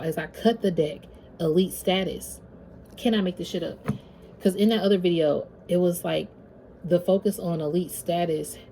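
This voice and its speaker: A woman with a low, warm voice leads a spiritual tarot reading from home. She talks in a loose, slangy way and addresses her viewers directly. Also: slight background noise. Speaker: tarot reader.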